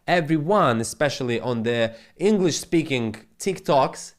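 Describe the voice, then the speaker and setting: Excitable man from Ukraine, fast rants. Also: mid-range voice. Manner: fast, animated, non-native grammar. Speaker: trading channel host. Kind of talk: live stream market commentary.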